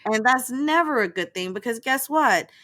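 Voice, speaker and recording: A woman therapist co-hosting a podcast, talking in a chatty, animated way with many fillers and frequent laughs. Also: on the high side, normal speed, no echo. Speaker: therapist co-host. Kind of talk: casual podcast chat.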